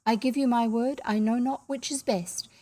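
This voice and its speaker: A woman gives voice to a proud French gentleman of the old school, rolling his words in a French accent, all formal courtesy with a deadly edge beneath. His voice sits fairly high for a man, and his speech is mannered and mocking, as if bowing with every phrase. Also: fairly even intonation, moderate pace, no room sound, close to an everyday voice. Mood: courtly. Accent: French, as put on.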